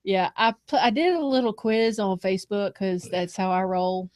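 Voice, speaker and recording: Middle-aged woman cohost, playful and teasing, giggles a lot, normal pitch, super dry close mic. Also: moderate pace, darkish tone, dry recording. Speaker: podcast co-host. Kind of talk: casual chat.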